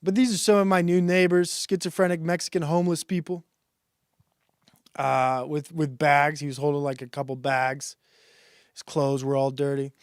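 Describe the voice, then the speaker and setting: Sarcastic man ranting, slightly high voice. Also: normal speed, clear, resonant tone, no echo, clean studio sound. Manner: sarcastic, deadpan rant with swearing; rambling, loose delivery with restarts. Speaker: stream host. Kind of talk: satirical monologue.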